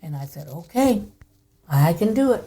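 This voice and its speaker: An older woman with a fairly low voice and wide swings in pitch talks at a normal speed. As a podcast guest, she tells a personal story casually, her hushed voice often sinking to a near whisper.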